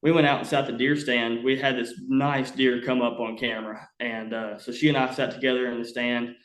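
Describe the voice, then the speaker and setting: A man's voice: medium pitch, brisk. Young man telling a story. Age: young adult. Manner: rambling, animated, many "uh" fillers. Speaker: podcast guest. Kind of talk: casual storytelling. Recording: roomy echo.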